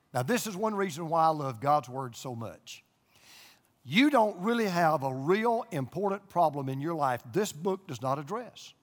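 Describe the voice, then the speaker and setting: A man's voice: sits high, long reverb tail. An older man preaching a sermon as pastor, a folksy storyteller who drives points home with emphatic repetition, speaking in a church auditorium to an audience there and online.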